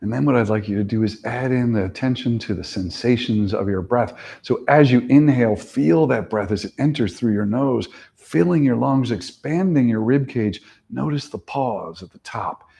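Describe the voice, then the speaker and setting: A man teaching a yoga class, giving slow, soothing relaxation and breathing cues that often trail off softly. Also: medium pitch, vocal fry, husky. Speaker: yoga instructor. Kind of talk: guided relaxation instruction.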